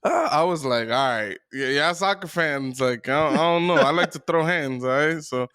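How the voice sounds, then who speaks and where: A man's voice: a little high, moderate pace, a bit bright, smooth, no room sound, studio quality. A man co-hosting a podcast, chatting casually in a laid-back, rambling, profane way. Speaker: podcast co-host. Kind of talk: casual chat.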